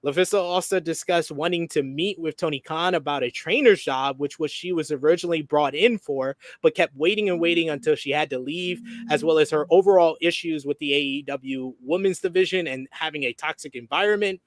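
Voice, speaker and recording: A man's voice: fairly high pitch, a little fast, hardly any pauses, no echo. A man hosting a podcast, reading out wrestling news and quotes with frequent filler sounds. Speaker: podcast host.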